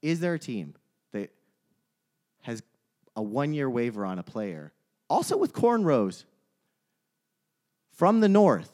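A man's voice: medium pitch, wildly swooping pitch, slow, long pauses, a little mellow. A man co-hosting a casual sports podcast, ranting his hot takes with plenty of swearing and trailing off mid-sentence. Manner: rambling, restarts mid-sentence. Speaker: podcast co-host.

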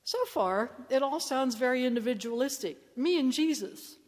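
A woman giving a sermon, telling the story in a lively way and acting out quoted lines. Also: high voice, normal speed. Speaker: preacher. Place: church. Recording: reverberant church hall.

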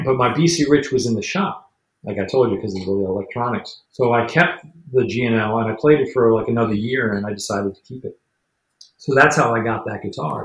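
A man telling casual stories as an interview guest, rambling and animated, acting out what people said. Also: medium pitch, echoey room, rough recording. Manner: rambling, animated storyteller who acts out the quotes. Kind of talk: casual storytelling.

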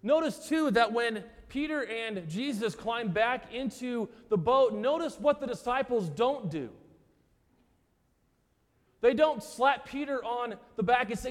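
A man preaching a sermon as pastor, earnest and emphatic, often repeating words and pausing for effect. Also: extremely high pitch, lively intonation. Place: church sanctuary. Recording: church hall with long reverb.

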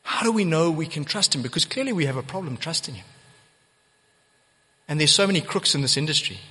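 A man's voice: a little high, expressive, a little fast, sharp tone, slightly rough. A man preaching a sermon as pastor, earnest and emphatic, repeating key phrases for weight. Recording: long church hall reverb.

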